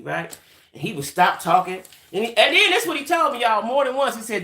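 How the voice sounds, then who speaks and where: An adult woman hosting a livestream, telling a story in a chatty, animated way and talking straight to her viewers. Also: on the high side, fairly quick. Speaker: livestream host. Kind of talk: casual storytelling chat. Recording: roomy echoey room.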